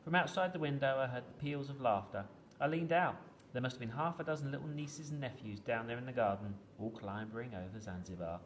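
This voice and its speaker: A man's voice: medium pitch, brisk, a little hiss or hum. Man reading a children's story aloud. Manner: steady, gently expressive storytelling.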